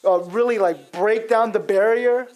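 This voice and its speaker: Guy preaching a sunday sermon, really high voice, chatty, lots of "like" and "right?". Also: measured pace, a little mellow, rough recording. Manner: casual, storytelling with acted-out quotes and frequent fillers. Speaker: pastor. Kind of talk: expository sermon.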